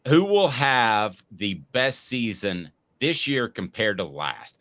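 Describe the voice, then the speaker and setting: A man's voice: medium pitch, big pitch swings, slow, a bit bright. A man hosting a casual sports talk show, upbeat and steering the chat with questions to his co-host.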